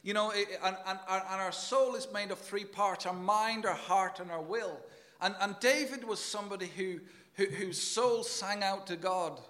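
A man's voice: sits high, normal speed, bright, forceful tone. A man preaching a sermon in an earnest, emphatic way, often repeating words as he goes.

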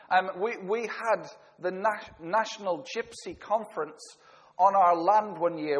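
A man preaching a sermon, earnest, with small slips and self-corrections. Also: high-pitched. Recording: long reverb of a hall.

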